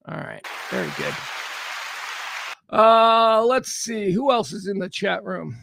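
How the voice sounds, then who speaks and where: Host, high gravelly voice, rambling wry livestream chatter. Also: male voice, normal speed, noisy background. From south side of Chicago. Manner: rambling, wry, animated asides. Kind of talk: casual livestream chat.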